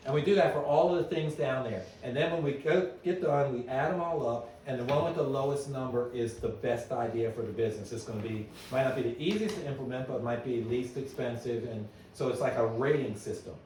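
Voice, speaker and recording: A middle-aged man giving a conference talk to an audience, telling stories in a lively way and asking the room questions. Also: medium pitch, brisk, hardly any pauses, slight background noise. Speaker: business owner giving a presentation. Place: meeting room at an annual meeting. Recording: echoey hall, voice from a distance.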